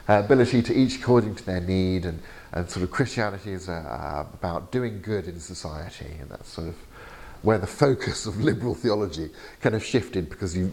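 Man teaching theology, halting and chatty. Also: lowish voice, a little mellow. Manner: halting, with fillers and restarts. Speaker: lecturer. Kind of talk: teaching session. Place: lecture room.

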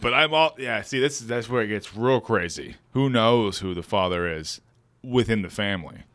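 A man hosting a podcast, chatting casually and rambling through jokes with loud bursts. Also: fairly low pitch, animated, moderate pace, dry recording. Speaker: podcast host. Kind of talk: casual comedic chat.

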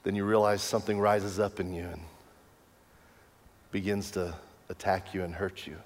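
A man preaching a sermon as pastor, telling a story with lively swings between loud excitement and hushed, near-whispered lines. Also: deep voice, normal speed. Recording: long hall reverb.

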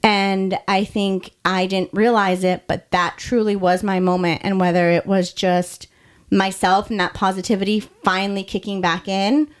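A young adult woman hosting a podcast, telling her own story in a candid, heartfelt way with quick bursts of speech. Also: mid-range voice, little pitch movement, clear, resonant tone.

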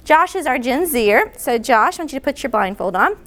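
A woman leading an interactive workshop session indoors, chatty and directing volunteers with quick asides. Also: high voice, sing-song, fairly bright tone. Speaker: workshop speaker. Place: indoor room.

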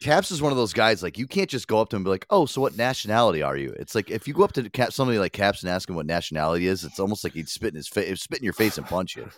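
A man's voice: sits low, animated, very fast, hardly any pauses, no echo, clean studio sound. A man hosting a radio show in casual, profane, rambling chat, laughing often.

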